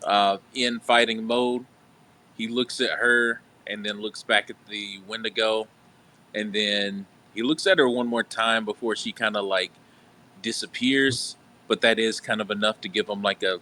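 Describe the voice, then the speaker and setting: A man's voice: lowish voice, fairly even intonation, unhurried, sharp tone. A man describing his character's actions in a tabletop game, loosely with fillers. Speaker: player.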